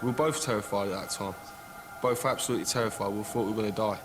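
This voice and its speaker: A man's voice: fairly low pitch, fast, noisy background. A man giving a blunt, matter-of-fact documentary interview. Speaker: interviewee recounting arrest abroad. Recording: documentary interview under loud music.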